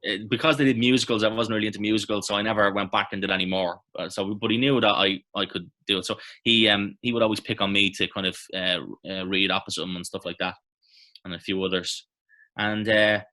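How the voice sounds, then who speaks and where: An Irish man in his thirties, an actor reminiscing in a relaxed, rambling interview with many fillers and restarts. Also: fairly low pitch, fast talker. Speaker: actor guest. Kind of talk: casual interview chat.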